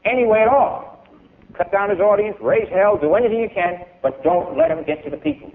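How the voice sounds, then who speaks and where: At a university event, a man with a high, creaky, animated voice declaims an emphatic speech at a fairly quick clip, his loudness swinging widely, before fielding audience questions. It's captured on tinny, lo-fi archival tape.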